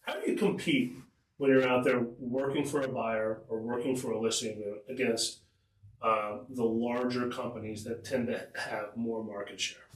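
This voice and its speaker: Podcast host, mid-pitched man, chatty interviewer, echoey room with the mic set back. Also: fairly even intonation, moderate pace, distant mic. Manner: conversational, asks long questions.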